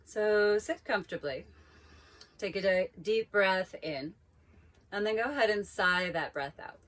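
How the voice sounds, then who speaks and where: A woman yoga teacher calmly leading a guided breathing practice with slow, drawn-out cues. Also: mid-range voice.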